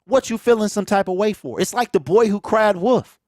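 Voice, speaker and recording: A man's voice: high voice, fairly quick, darkish tone, dry recording. A man hosting a sports talk show with a Michigan accent, ranting in casual commentary, preachy and repeating phrases for emphasis, on a close mic that pops. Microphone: close mic, pops on plosives.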